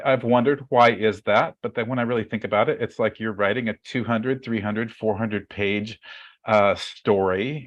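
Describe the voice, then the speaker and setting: A man's voice: lowish voice, highs cut off. A man hosting a writing webcast over a video call, talking in a chatty, rambling way with many fillers and restarts. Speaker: webcast host. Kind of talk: casual webcast introduction.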